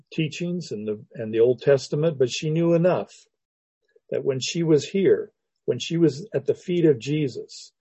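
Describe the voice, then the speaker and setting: A man preaching a sermon as a pastor, teaching verse by verse in an unhurried, reflective way with restarts and soft laughs. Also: mid-range voice, slightly rough, no room sound, dull audio.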